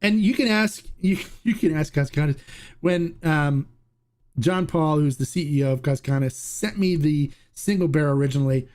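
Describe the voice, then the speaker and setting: A man hosting a casual tequila review livestream, excitable and chatty, laughing often and restarting his sentences. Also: a little high, normal speed.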